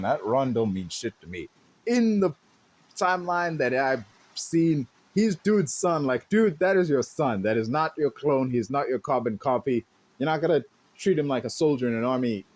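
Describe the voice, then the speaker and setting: Animated rambling podcast host, man. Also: fairly high pitch. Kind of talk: casual solo podcast commentary.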